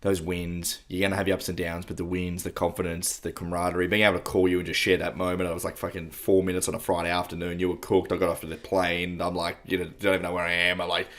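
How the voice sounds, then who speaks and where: A young adult man with an Australian accent, co-hosting a casual chat, relaxed and swearing, often repeating words. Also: sits low, fast talker, hardly any pauses. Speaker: podcast co-host.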